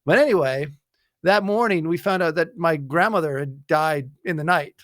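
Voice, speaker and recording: A man in casual chat, telling a personal story haltingly with lots of fillers and restarts. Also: on the high side, a bit bright, no echo, studio quality. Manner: halting, many fillers and restarts, wry jokes. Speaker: podcast co-host.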